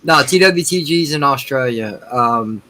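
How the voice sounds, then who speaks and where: Bright-voiced teasing man chatting. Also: medium pitch, lively intonation, a little slow, slight background noise. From USA. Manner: laid-back, teasing. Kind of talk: casual group chat.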